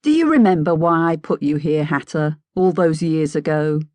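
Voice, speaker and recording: A woman's voice: low-pitched, expressive, moderate pace, a little mellow, dry recording. An impatient, weary hero, as a woman narrator voices him, clipped and exasperated. His lines come curt and pressing, a plain audiobook character voice recorded dry.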